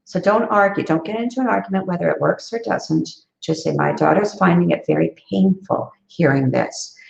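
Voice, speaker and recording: A woman gives earnest advice to parents in a live online talk. Her voice has a gravelly edge, and she restarts her sentences often. The sound is echoey and dull, as on a video call. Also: mid-range voice, darkish tone. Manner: earnest, advising, with frequent fillers and restarts. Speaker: education company founder giving parenting advice.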